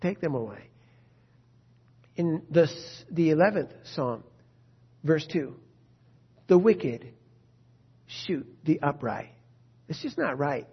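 A man's voice: a little high, animated, slow pace, pauses often, slightly rough, lo-fi sound. A man preaching a sermon, impassioned and full of rhetorical questions.

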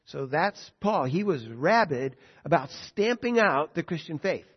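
A man's voice: fairly high pitch, animated, a little slow, husky, lo-fi sound. A man teaching a Bible study lesson, reading scripture aloud and then explaining it in plain words, with rhetorical questions to his listeners.

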